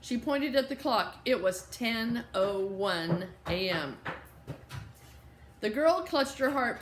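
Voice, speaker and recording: Brief: woman audiobook narrator, higher voice, steady storybook reading, echoey room. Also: slow, a little hiss or hum. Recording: roomy echo.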